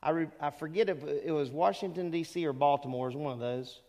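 A middle-aged male pastor with a high voice preaches in a church sanctuary. He talks to the congregation in a chatty way, throwing in rhetorical questions and asides. A long hall reverb trails after his words. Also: fast talker, mellow. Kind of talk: sermon.

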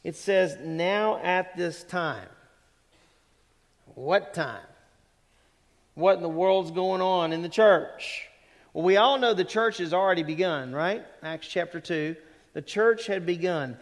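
A man's voice: sits high, slow pace. Preaching man in a reverberant church hall. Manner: conversational preaching with frequent questions to the congregation. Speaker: pastor. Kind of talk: expository sermon. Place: church sanctuary.

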